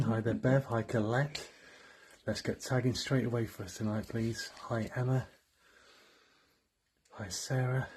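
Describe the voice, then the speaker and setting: A man co-hosting a ghost hunt livestream, talking quietly and greeting viewers one after another inside an old cottage. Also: medium pitch, a little hiss or hum. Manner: hushed, rattling off greetings to viewers. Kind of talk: casual livestream chat. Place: old abandoned cottage, indoors.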